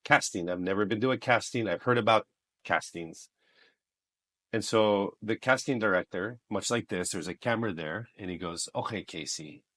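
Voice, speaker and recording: A man raised in the United States, telling stories as a guest on a podcast, joking and animated. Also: lowish voice, moderate pace. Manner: animated, joking, mixes in Filipino phrases. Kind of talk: casual interview storytelling.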